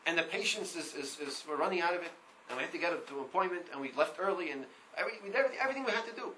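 A man giving a Torah class, reading Hebrew lines aloud and translating them, in an animated way that repeats words. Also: a little high, racing, slight background noise, rough recording. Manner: reads Hebrew text and translates line by line. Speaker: Torah teacher.

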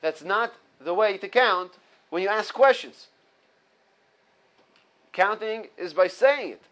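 High-voiced man teaching a halacha lesson. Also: lively intonation, slow, a bit bright, low-quality recording. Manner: explains step by step, repeats key points, mixes Hebrew quotes with English. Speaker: Torah teacher. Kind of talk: informal halacha class.

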